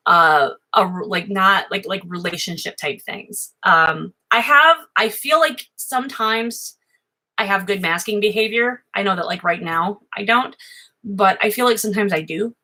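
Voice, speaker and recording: An American woman chatting at home in a rambling, self-interrupting way, admittedly high, swearing freely. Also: moderate pace, sharp tone, low-quality recording. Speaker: vlogger. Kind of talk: rambling casual livestream chat. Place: home office.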